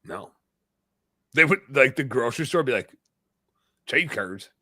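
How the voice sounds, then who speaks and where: A man's voice: mid-range voice, animated, moderate pace, sharp tone, slightly rough. A man hosting a podcast, joking easily and asking his guest questions. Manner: joking, easygoing interviewer. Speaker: podcast host. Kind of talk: casual chat.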